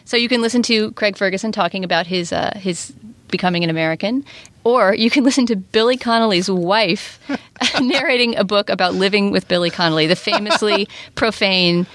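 A woman hosting a podcast, talking quickly and enthusiastically in casual chat and reading a sponsor spot. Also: mid-range voice, no echo. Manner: fast, talkative, enthusiastic. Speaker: podcast host.

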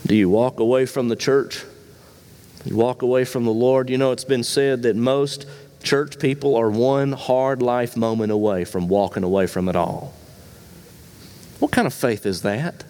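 A man preaching a sermon as pastor, asking rhetorical questions and swinging between emphatic high lines and quiet low ones. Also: fairly even intonation, moderate pace, in a large hall.

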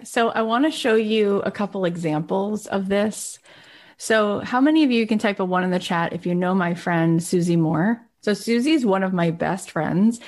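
Chatty enthusiastic woman coaching a live class. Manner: warm, enthusiastic, chatty with many fillers; acts out quoted friends in a higher voice. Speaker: podcast host and coach. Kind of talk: live online workshop talk.

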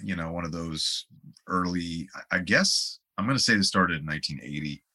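A man's voice: low voice, moderate pace, sharp tone. A man, a guest musician, telling rambling anecdotes in a casual interview and laughing along the way.

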